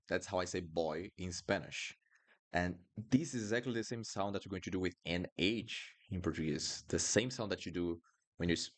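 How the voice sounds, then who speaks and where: A man's voice: low voice, normal speed. A man teaching pronunciation in a live lesson, repeating each word several times for students to copy. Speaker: Portuguese teacher. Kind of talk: live online language lesson.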